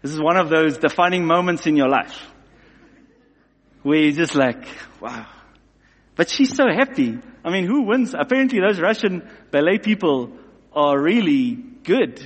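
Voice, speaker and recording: A man preaching a sermon in an animated way, acting out both sides of everyday scenes. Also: a little high, moderate pace. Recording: long hall reverb.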